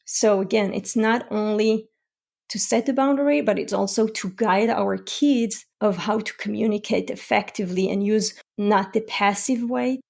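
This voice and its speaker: A woman hosting a solo parenting podcast as a parent coach, explaining calmly with everyday examples. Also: medium pitch, normal speed, creaky. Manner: calm, explanatory, gives examples.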